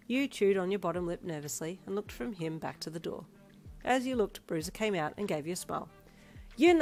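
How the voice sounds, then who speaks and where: A woman narrating a second-person fan fiction story in an even storytelling manner. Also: fairly low pitch. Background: faint instrumental music.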